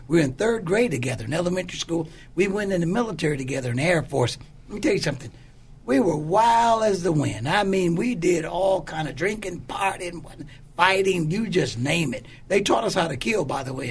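In a conversation, an older Oakland, California bishop gives candid testimony about his life as a guest. His voice is high with a breathy edge, and he speaks emphatically, performing the quotes in a preaching cadence.

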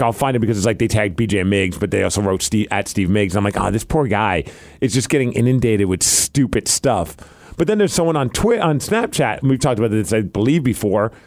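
A man's voice: mid-range voice, darkish tone, no room sound, clean studio sound. A man hosting a podcast, telling stories in a casual, rambling way and acting out what others said. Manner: rambling storyteller, acts out quotes. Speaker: podcast host.

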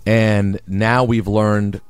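Morning radio co-host, male, emphatic and animated, dry close mic. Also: fairly low pitch, smooth, no room sound. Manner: animated, emphatic, quick bursts.

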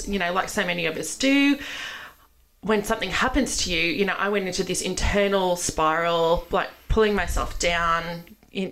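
A woman's voice: lowish voice, fairly bright tone, low-quality recording. A woman hosting a casual interview chat, effusive and full of restarts and fillers. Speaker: podcast host.

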